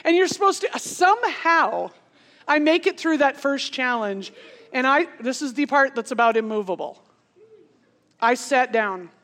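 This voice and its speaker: A woman in her forties telling a funny personal story in a sermon, animated and laughing as she goes. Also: sits high, unhurried. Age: 40s. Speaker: speaker. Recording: long hall reverb.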